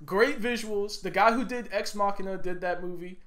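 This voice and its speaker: A young man with a noticeably high voice cuts in to steer the chat and give his take. He speaks in short, measured statements, keeping the tone casual. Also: fairly bright tone. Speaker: podcast co-host.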